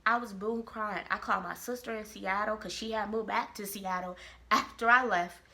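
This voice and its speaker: This Kansas City, Missouri vlogger has a bright, medium-pitched voice and speaks at a normal speed as she tells a casual story. She's expressive and animated, doing voices for the quotes.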